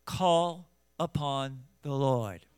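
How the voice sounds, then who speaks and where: A man preaching a sermon who reads scripture in old-fashioned wording, scolds his listeners directly and builds from quiet teaching to loud, fervent exhortation. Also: mid-range voice, extremely slow, smooth, dry recording.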